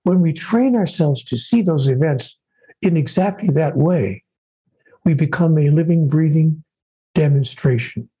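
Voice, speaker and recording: A man, a guest on an interview, speaking about spirituality in a measured, emphatic way, repeating phrases as lists. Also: on the high side, gravelly, mellow, slightly rough, rough recording.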